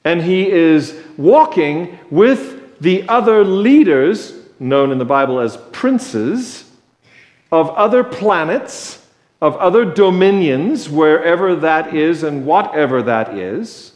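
A male preacher giving a sermon in a conversational, joking way, slow and deliberate, in a church. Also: a little high, lively intonation, darkish tone. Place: church sanctuary. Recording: echoey church sanctuary.

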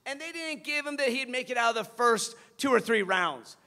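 Male pastor, animated sermon storyteller, bright forceful tone. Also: very high-pitched, normal speed. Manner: animated storytelling, acting out scenes.

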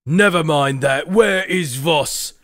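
A man voicing a gruff, battle-worn warlord in an audiobook, growling and commanding. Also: a little high, slow pace, a bit bright, dry recording, clean studio sound, pitched above the performer's own voice. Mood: angry.

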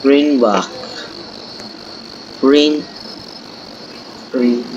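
A young man with a Filipino accent gives rambling, self-mocking, excitable commentary while playing a game. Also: mid-range voice, extremely slow, lo-fi sound. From Philippines. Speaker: gameplay streamer. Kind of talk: casual gameplay commentary. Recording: noisy home recording with crickets and traffic.

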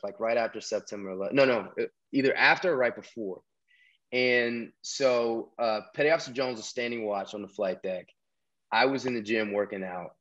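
A man from the American South, appearing as a podcast guest, tells a long story in a casual interview, rambling with lots of restarts and fillers. His voice is mid-range and slightly bright, with the high frequencies cut off.

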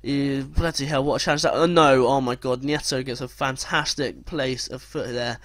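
A young man narrating his football management game as play-by-play commentary, breaking into loud, swearing outbursts. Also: medium pitch, fairly even intonation, normal speed, no echo. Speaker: gaming commentator.

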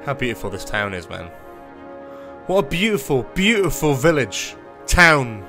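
A man's voice: medium pitch, sing-song, normal speed, bright, forceful tone, soft background music. A man casually commentating his own city-building livestream, swearing often, mocking himself and talking to his chat. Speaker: streamer playing a city-building game.

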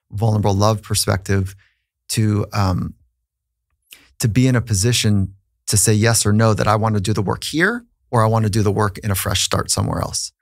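A man's voice: lowish voice, no room sound, studio quality. A man who is a psychologist, telling a personal story in an earnest, reflective way on a podcast, with frequent restarts.

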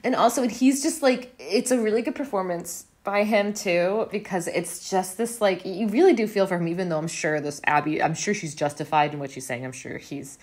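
A woman's voice: medium pitch, moderate pace, few pauses, darkish tone. A woman co-hosting a podcast, chatting casually with a lot of fillers while recapping a TV episode. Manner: chatty, many fillers and quoted lines. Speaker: podcast co-host.

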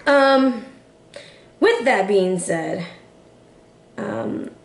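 A woman giving a casual, playful tarot reading to camera, chatty and quick to laugh. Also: medium pitch, expressive, reverberant. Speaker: tarot reader.

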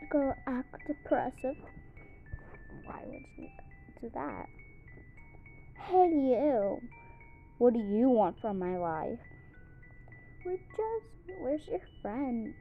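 A woman reading all the parts of a homemade drama, switching roughly between character voices. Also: high voice, highs cut off.

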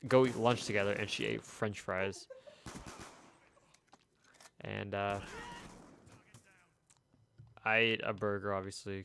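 A man's voice: lowish voice, vocal fry, fairly bright tone, slight background noise. A young man streaming a game, telling a long rambling story with chuckles in casual chat. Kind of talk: casual chat while gaming. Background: faint video game gunfire.

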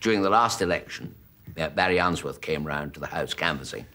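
A male comedian from Britain delivers a rambling comic monologue and giggles at his own jokes. It is a live taping with loud audience noise. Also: a bass voice, animated, fairly quick.

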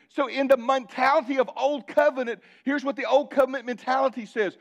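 A male pastor preaching a sermon, building repeated phrases and dropping into quiet asides. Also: fairly even intonation, a little fast, gravelly, few pauses, highs cut off. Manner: preaching with sudden drops to a low conversational aside.

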